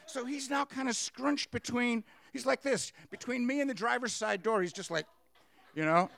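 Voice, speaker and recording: Gravelly high-voiced man telling a story. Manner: animated, acts out quotes with laughs. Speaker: storyteller on stage. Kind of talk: live personal storytelling.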